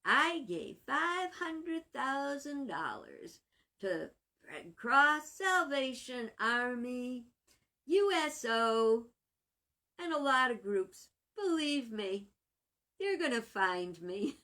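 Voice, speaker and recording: A woman voicing a calm, self-assured man stranded after a shipwreck. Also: sits high, very slow, exaggerated voice. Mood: smug.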